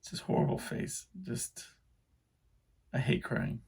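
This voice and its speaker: A middle-aged podcast host rambles through a casual solo monologue, poking fun at himself and repeatedly stopping and restarting. His voice is a little mellow.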